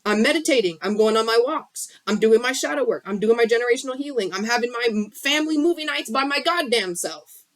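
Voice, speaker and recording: A woman's voice: a little high, animated, brisk, dry recording. A woman giving an impassioned, blunt motivational talk about healing on a live stream from her bedroom, swearing freely. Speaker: spiritual coach on a live stream. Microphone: phone.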